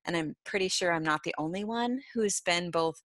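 A woman's voice: on the low side, moderate pace, no room sound. Chatty middle-aged woman podcast host. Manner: warm, chatty, laughs often, many ums. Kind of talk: casual interview chat.

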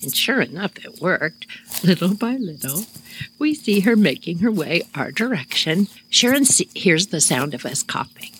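A woman's voice: lowish voice, moderate pace, slight background noise, rough recording. A woman animatedly telling a funny childhood story on her podcast, laughing and talking to listeners directly. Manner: animated, laughing, addresses listeners as "you all". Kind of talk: casual storytelling.

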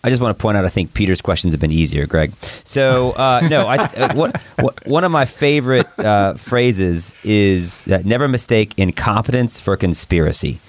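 Low-voiced man talking politics, dry sound. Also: expressive, normal speed, no room sound. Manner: rambling, self-correcting, laughing. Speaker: guest commentator. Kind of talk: political talk show discussion.

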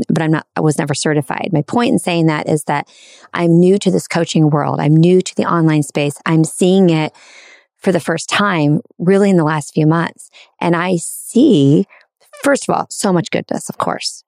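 A woman's voice: sits low, creaky, a little mellow, no room sound, studio quality. A woman hosting an interview, earnest and affirming as she speaks candidly. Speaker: podcast host. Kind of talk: interview conversation.

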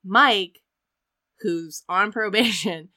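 A woman casually retelling a story to a friend, acting out the people in it with lots of "like" and sudden loud bursts. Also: mid-range voice, very slow. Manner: animated, acts out quoted characters, lots of "like". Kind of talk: casual chat.

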